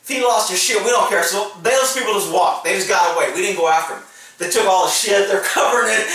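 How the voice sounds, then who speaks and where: A man's voice: high voice, sharp tone, very echoey, far from the mic, low-quality recording. A man, a former police officer, telling his stories in a casual, laughing, profane way. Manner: laughs often, swears freely, acts out quotes. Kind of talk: casual storytelling to camera.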